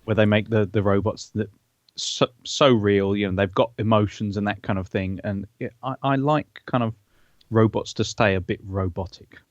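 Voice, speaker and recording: A man's voice: fairly low pitch, steady tone, normal speed, no echo. A man musing and giving his opinions in casual podcast chat, on a dull lo-fi line. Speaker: podcast co-host.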